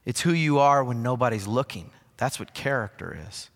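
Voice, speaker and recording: A man's voice: medium pitch, moderate pace, big-room sound. A man preaching a sermon as pastor, telling personal stories with self-deprecating humor. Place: church sanctuary.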